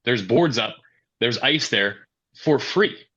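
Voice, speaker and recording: A man speaks slowly at a medium pitch while being interviewed about his role coordinating youth and amateur hockey. He tells stories as he answers, acting out quoted exchanges in animated asides. The recording sounds dull and lo-fi.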